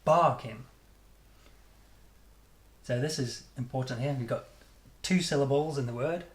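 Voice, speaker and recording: A man with a British accent teaching English pronunciation, modelling sounds and stress patterns by repeating them deliberately. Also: medium pitch, a little mellow. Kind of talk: pronunciation lesson.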